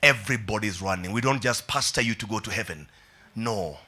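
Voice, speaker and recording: With a lowish voice and a slightly fast delivery, a male pastor preaches an energetic church sermon. He shouts often and calls on the congregation to repeat after him.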